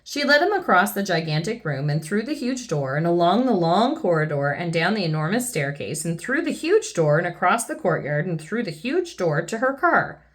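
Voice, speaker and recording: Expressive woman reading a storybook. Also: fairly low pitch, normal speed, hardly any pauses. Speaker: children's book reader. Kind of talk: reading a picture book aloud.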